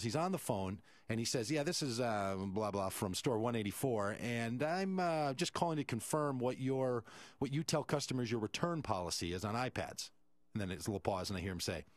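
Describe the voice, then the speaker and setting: A man's voice: mid-range voice, animated, a little fast, dry recording. A male radio host, telling a story animatedly and acting out the quoted voices.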